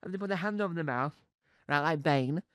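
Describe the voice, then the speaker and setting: A man's voice: a little high, a little fast, fairly bright tone, clear, resonant tone, no echo. A man doing rambling, playful stand-up comedy, repeating words for laughs.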